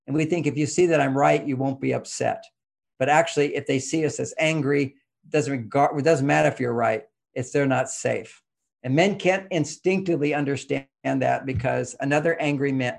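A man's voice: medium pitch, vocal fry. An older man giving relationship advice in conversation, explaining emphatically like a lecture.

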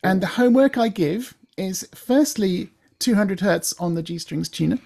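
A woman's voice: medium pitch, lively intonation, moderate pace, vocal fry, warm tone. A woman, working as a voice coach, explaining in a chatty way and demonstrating sounds.

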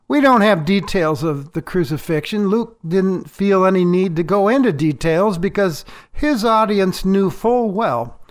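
A male pastor delivering a sermon in a measured, deliberate way, pausing for emphasis. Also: high voice.

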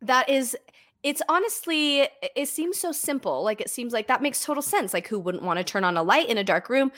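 Lady hosting a podcast, fairly high voice, says like a lot, dry close mic. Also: expressive, a little fast, fairly bright tone, no room sound. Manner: chatty, lots of "like", thinks aloud. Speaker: podcast host. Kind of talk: casual chat.

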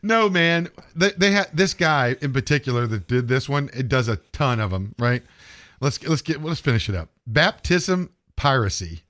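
A man's voice: medium pitch, lively intonation, moderate pace, fairly bright tone, no echo, studio quality. Rambling profane male podcast host. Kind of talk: casual chat.

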